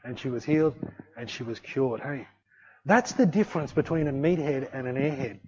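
A man gives a sermon, telling a story with animation and voicing each person in it. His voice is mid-range at a moderate pace, and the dull lo-fi recording has a slight hiss or hum.

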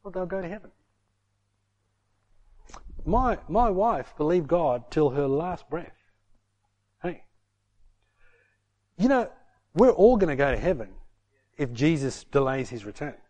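A man's voice: a little high, very animated, measured pace, pauses often, warm tone. A middle-aged man preaching a sermon, emphatic and punctuating his points with "hey". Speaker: pastor.

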